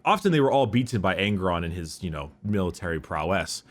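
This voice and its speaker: Animated man rambling through a story. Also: low voice, fairly quick. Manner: rambling, filler-heavy, animated retelling. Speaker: podcast host retelling lore. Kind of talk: casual chat storytelling.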